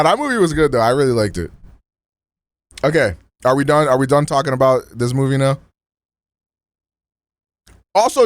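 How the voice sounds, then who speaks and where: A man's voice: medium pitch, dry recording. A man streaming in a loose, slangy casual chat, full of restarts and fillers.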